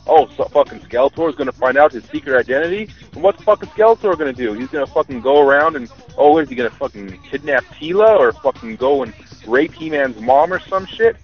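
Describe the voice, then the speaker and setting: A man's voice: mid-range voice, animated, quick pace, soft background music. Profane ranting man on voicemail. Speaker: voicemail caller. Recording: muffled voicemail recording.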